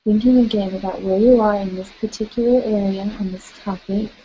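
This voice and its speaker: A woman leading a guided tapping session, calling out tapping points and gently coaching listeners through spoken affirmations. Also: medium pitch, fairly even intonation, fairly quick, muffled recording, a little hiss or hum.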